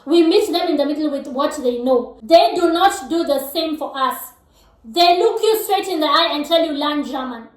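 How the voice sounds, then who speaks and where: A woman's voice: sits high, normal speed. A woman from Kenya with a Kenyan accent, whose first language is Kikuyu, giving frank, direct advice to her viewers in a casual vlog. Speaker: vlogger. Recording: echoey room, mic at a distance.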